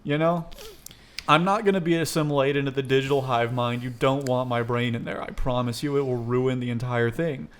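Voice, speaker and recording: A young man hosting a casual comedy podcast, telling dark, absurd stories and laughing often. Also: mid-range voice, brisk. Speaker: podcast host.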